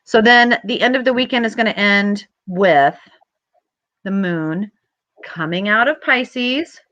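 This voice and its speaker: A woman hosting an astrology show, chatting casually and telling animated stories with acted-out quotes. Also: mid-range voice, slow, no room sound, lo-fi sound. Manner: animated storytelling, acts out quotes in a rising voice.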